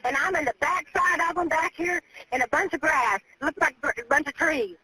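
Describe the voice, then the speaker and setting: A woman's voice: high voice, brisk, bright, forceful tone. A terrified woman, pleading and sobbing on an emergency phone call. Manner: pleading, repeats herself. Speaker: caller. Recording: telephone line with faint noise.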